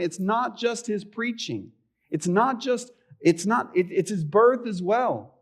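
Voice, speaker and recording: Middle-aged male pastor, slightly high voice, chatty sermon delivery, rhetorical questions. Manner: conversational preaching with rhetorical questions. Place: church sanctuary.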